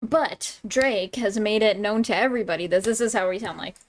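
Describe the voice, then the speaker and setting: A woman from Toronto, a streamer, chatting casually and excitedly as she reacts, laughing and exclaiming often. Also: mid-range voice, a little fast, soft background music. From Toronto, Canada. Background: song playing quietly.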